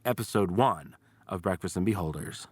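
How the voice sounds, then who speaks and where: A man's voice: low voice, moderate pace. A man hosting a tabletop game podcast in casual chat, teasing his guest and laughing often. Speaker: podcast host and game master.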